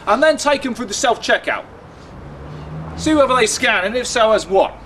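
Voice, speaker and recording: A young man with a southern English accent delivers a stand-up set in a high, chatty voice. He is sardonic and drags out his punchlines. It was recorded outdoors with a faint hum of traffic behind him. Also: expressive, normal speed, sharp tone. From Luton, England. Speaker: stand-up comedian. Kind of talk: stand-up routine. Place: outdoors in a city. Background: faint outdoor ambience and traffic.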